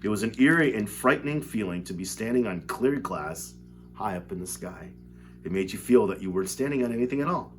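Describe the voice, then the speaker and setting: Male teacher, read-aloud at home; expressive, lively pitch, casual with students. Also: fairly quick, faint music behind. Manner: animated reading, relaxed chatty asides with fillers. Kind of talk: reading a novel aloud to a class, then giving homework.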